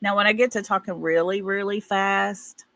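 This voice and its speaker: A woman's voice: mid-range voice, steady tone, moderate pace, sharp tone, no room sound. A middle-aged woman with an East Texas accent, hosting a livestream and chatting casually with viewers in a folksy way while laughing often. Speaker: livestream host. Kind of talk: casual chat reading viewer comments.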